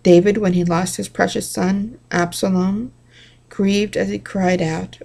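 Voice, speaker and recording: A woman reading a Bible devotional book aloud at an unhurried pace, breaking off now and then for brief personal asides. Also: medium pitch, little pitch movement, gravelly, a little mellow.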